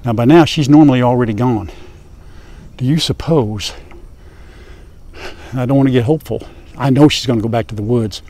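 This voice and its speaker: A man's voice: medium pitch, moderate pace, pauses often, mellow. An older man hosting a farm vlog outdoors, chatting in a folksy, wry way to viewers. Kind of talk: casual vlog to camera. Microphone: lapel.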